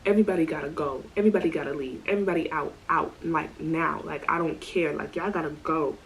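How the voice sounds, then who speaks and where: A man's voice: a little high, steady tone, fast, creaky, fairly bright tone, a little hiss or hum, pitched below the performer's own voice, low-quality recording. A woman quoting an annoyed young man who orders everyone to leave his place, in a blunt, fed-up tone.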